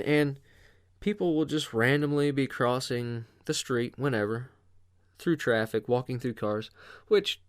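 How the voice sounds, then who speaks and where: A man's voice: mid-range voice, clean tone. Man on a profane podcast rant. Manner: profane, exasperated ranting. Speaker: podcast host. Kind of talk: casual ranting monologue.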